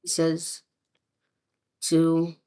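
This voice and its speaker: A woman improvising a rambling story narration, acting out groups of people in quick quoted asides. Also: deep voice, monotone, warm tone, smooth. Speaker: map series narrator.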